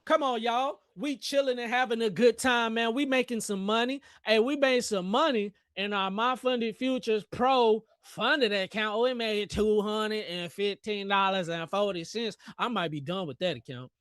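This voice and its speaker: A man's voice: high-pitched, normal speed, few pauses, fairly bright tone, smooth, no room sound, clean studio sound. A young man hosting a live trading stream, giving playful, hyped commentary in slang and joking with his chat. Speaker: trading livestream host.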